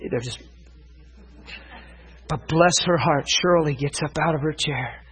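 A man preaching to a church congregation, telling stories with growing excitement. His voice sits a little high and has a husky edge, and it leaps far higher at the peaks of his stories. It is a lively, animated sermon delivery. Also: a little slow. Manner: animated storyteller, voice climbing high when excited. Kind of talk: sermon with storytelling.

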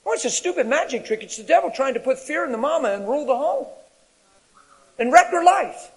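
High-voiced preacher man in a reverberant hall. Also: fast. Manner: animated, rising to shouts at peaks. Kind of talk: sermon. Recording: long reverb of a large hall.

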